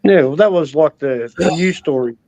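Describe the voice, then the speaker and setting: A man's voice: on the high side, expressive, normal speed, warm tone, no echo, rough recording. A man calling in to a late-night chat, laid-back and swearing, mocking things with a laugh in his words. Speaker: guest on a call.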